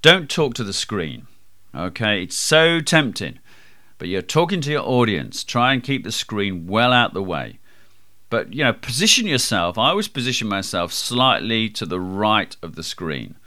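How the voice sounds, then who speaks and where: Booming, lively man giving advice. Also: normal speed. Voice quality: projecting, booming voice. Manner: lively, emphatic, varies pace and loudness for effect. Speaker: podcast host. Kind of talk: presentation skills advice podcast.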